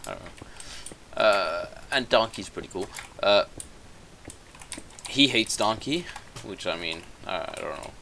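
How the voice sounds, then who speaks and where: A young man with a lowish voice rambles through a comedic plot recap, cursing freely and doubling back to fix his own mistakes. Faint keyboard clicks and typing tick along behind him. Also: animated, slow, gravelly, pauses often, pushed and bright, slight background noise. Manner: profane, rambling, self-correcting. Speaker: gaming commentator. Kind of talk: rambling comedic plot retelling while gaming.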